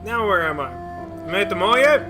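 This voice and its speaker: A man's voice: high-pitched, expressive, fast talker. A man streaming a video game, joking and rambling to his viewers in casual commentary. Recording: game music playing behind.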